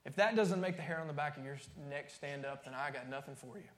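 A man's voice: fairly high pitch, quick pace, roomy sound. A man preaching a sermon as pastor, emphatic and repetitive, sometimes dropping to a near-whisper.

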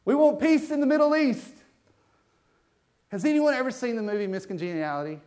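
A man preaching a sermon, joking with the congregation in an animated way. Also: very high-pitched, a little fast.

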